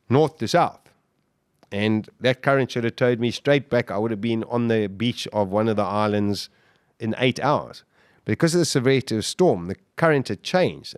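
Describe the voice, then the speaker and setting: A man's voice: mid-range voice, dry recording, clean studio sound. Man vividly retelling a survival ordeal. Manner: vivid, animated retelling with restarts. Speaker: guest. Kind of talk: interview storytelling.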